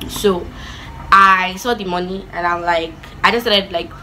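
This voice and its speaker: A woman telling a childhood story in a chatty, animated vlog style with lots of asides. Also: on the low side, measured pace, rough recording. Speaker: vlogger.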